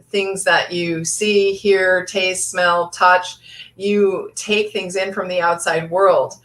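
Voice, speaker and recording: Woman life coach, motivational talk, slightly low voice, earnest, lots of fillers. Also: fairly bright tone. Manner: earnest, frequent fillers and restarts.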